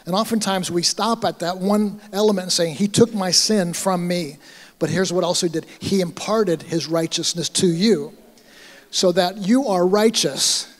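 A middle-aged male pastor preaches in a casual, conversational way, acting out little scenes as he goes. His voice sits fairly high for a man. The sound carries the long reverb of a church hall. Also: normal speed. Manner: conversational preaching with acted-out asides. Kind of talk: sermon.

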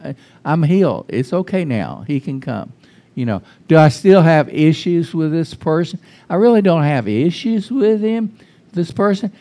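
In a church sanctuary, a male pastor delivers an informal, conversational sermon, frequently restarting his sentences and posing questions to the congregation. His voice is on the high side with a darkish tone.

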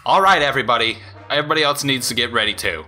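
A man's voice: mid-range voice, very fast, bright, forceful tone, soft background music. A man voicing game dialogue in a casual let's play, giggly and often breaking into laughter.

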